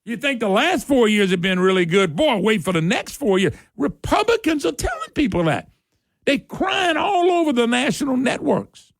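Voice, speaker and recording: A man's voice: very high-pitched, creaky, breathy edge, dry recording. A middle-aged man, hosting talk radio in an opinionated political monologue. He talks in a fiery, emphatic way, repeats his points and climbs sharply when worked up.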